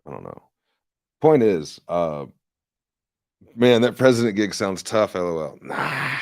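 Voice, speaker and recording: A man's voice: lowish voice, sing-song, unhurried, a little mellow, no echo, studio quality. A man hosting a livestream, ranting in a rambling, profane and sarcastic casual way. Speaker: livestream host and candidate.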